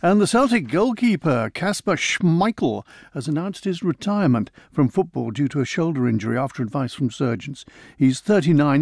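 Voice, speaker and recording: Gravelly-voiced man in playful radio banter. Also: fairly high pitch, a little mellow, dry recording. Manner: dry, playful teasing humour. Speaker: radio news presenter. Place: radio studio. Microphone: studio microphone.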